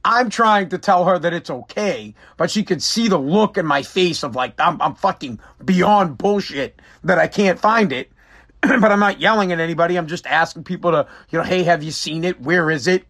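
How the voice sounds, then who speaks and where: High-voiced man ranting on his podcast. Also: animated, moderate pace, a bit bright. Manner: profane, exasperated, rambling. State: tired. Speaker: podcast host. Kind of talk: casual solo podcast rant.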